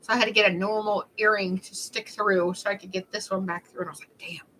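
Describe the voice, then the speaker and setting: Bright, snarky chatty woman. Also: mid-range voice, little pitch movement, fast talker, a little hiss or hum, rough recording. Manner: chatty, rambling, snarky storyteller. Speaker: livestreamer. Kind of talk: casual livestream chat.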